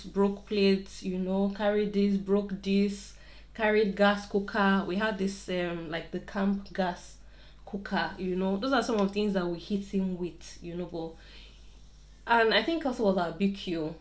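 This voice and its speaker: Young woman, chatty storyteller, repeats words for emphasis, laughs easily. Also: mid-range voice. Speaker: vlogger telling a story. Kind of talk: casual storytime while styling hair.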